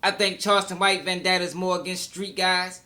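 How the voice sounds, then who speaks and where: Skeptical male commentary host, high bright voice. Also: fairly even intonation, a little fast. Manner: skeptical, questioning. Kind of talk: commentary monologue.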